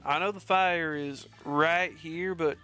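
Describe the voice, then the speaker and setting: A man playing a stern, slow-spoken huntress. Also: a little high, fairly even intonation, pushed and bright, clean tone, soft background music. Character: stern adult female huntress killer.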